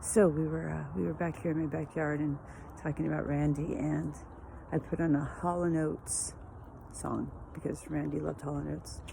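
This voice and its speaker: Woman, low voice, casual rambling vlog, spiritual musings, phone mic, noisy outdoor background with cars. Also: flat delivery, moderate pace, gravelly. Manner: meandering, spiritual musing with many fillers. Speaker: vlogger.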